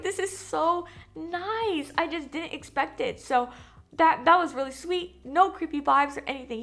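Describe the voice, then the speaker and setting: A young American woman chatting casually to camera in a vlog, talkative and animated with lots of fillers. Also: high-pitched. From United States. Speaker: vlogger.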